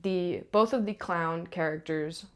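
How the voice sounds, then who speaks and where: Chatty woman with a lowish voice. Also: measured pace. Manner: chatty, animated, frequent asides. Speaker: stage manager. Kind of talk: casual storytelling to camera.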